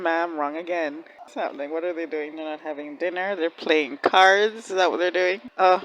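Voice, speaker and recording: Excitable woman reacting to a drama. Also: low voice, slight background noise, poor audio. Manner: excitable, laughing, talks back at the screen. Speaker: reaction video host. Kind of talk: casual reaction commentary.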